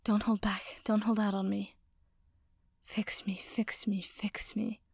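A woman's voice: mid-range voice, little pitch movement, slow pace, gravelly, slightly rough, dry recording, clean studio sound, full character voice. A woman voicing a proud young man, whispering breathless pleas in a storybook reading. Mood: breathless pleading.

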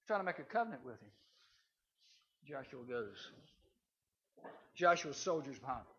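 Animated folksy man telling stories. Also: a little high, moderate pace, long pauses. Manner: animated, folksy, acts out voices. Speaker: chapel speaker. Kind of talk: storytelling sermon to teens. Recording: slightly dull, faint hiss.

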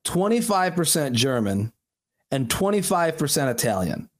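Man co-host, slightly high voice, rambling and earnest, casual. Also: big pitch swings, normal speed. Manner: rambling, lots of fillers and restarts, earnest. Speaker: podcast co-host. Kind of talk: casual chat.

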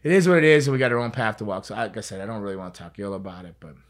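A man's voice: fairly low pitch, lively intonation, very fast. A man telling a story as an interview guest, in a casual, rambling way, repeating words and swearing freely.

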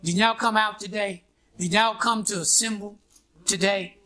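Bright-voiced preacher calling out to his flock. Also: high-pitched, steady tone, normal speed. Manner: preaching with rhetorical "what?" and "huh?" prompts. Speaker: pastor. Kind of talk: call-and-response sermon. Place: church with a responding congregation.

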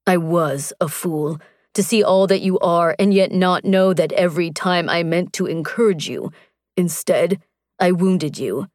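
A woman voicing an earnest, tender barbarian warrior man, speaking slowly and gently. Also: fairly low pitch, no echo, clean studio sound, natural voice.

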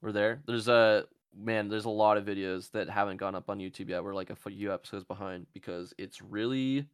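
Low-voiced, profane podcast host. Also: male voice, fairly even intonation, fairly quick, smooth, dry recording, clean studio sound. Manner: profane, joking, rambling. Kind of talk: casual comedy podcast chat.

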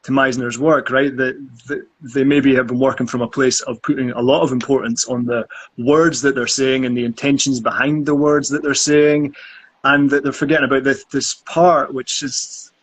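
A man's voice: mid-range voice, flat delivery, moderate pace, breathy edge. A man in casual conversation who talks earnestly about acting and often repeats words while he thinks.

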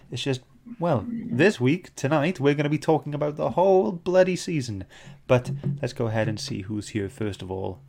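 Male host, chatty and jokey, reads viewer comments, mid-pitched voice. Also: a little mellow. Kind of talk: casual podcast chat.

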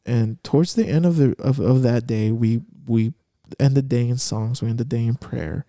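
A young man telling a story in casual chat, slangy, switching into Spanish, with halting restarts. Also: mid-range voice, dark tone, dry recording, clean studio sound.

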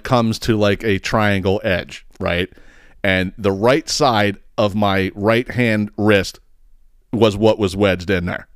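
A man's voice: on the low side, clean tone, dry recording, studio quality. A man hosting a podcast, telling a story casually, rambling, swearing often and laughing at himself. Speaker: podcast host.

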